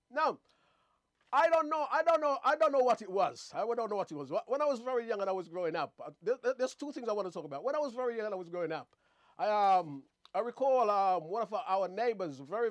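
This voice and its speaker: A man with a high-pitched voice hosts a casual talk monologue. He rambles, circles back and repeats words as he goes. The sound is dry and close, with no room echo. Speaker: host.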